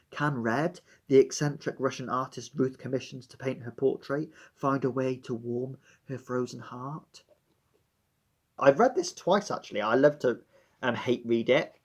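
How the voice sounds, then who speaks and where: A young man vlogging about books in a dramatic, sardonic way. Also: mid-range voice. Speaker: book vlogger. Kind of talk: casual book vlog.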